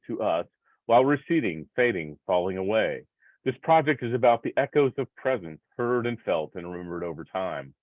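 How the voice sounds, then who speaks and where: A man in his sixties with a low voice reads his own essay aloud, slow and reflective, leaning on rhythmic repetition. The sound is thin and phone-like, with no room around it. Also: dry recording. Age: 60s. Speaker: professor presenting a paper. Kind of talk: reading a personal essay aloud. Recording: tinny phone-like line, dry.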